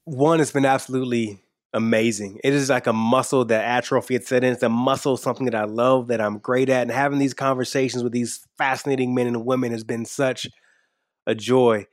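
A man's voice: mid-range voice, fairly even intonation, fairly quick, no echo, clean studio sound. A man speaking as a podcast guest in a casual, earnest and enthusiastic way, repeating words when he is emphatic. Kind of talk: casual interview talk.

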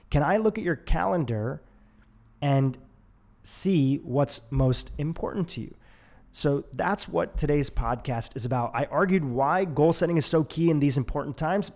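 A man's voice: mid-range voice, a little mellow. A man hosting his own podcast, talking casually in a solo monologue, correcting himself as he goes and getting livelier when he acts out inner doubts. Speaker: podcast host.

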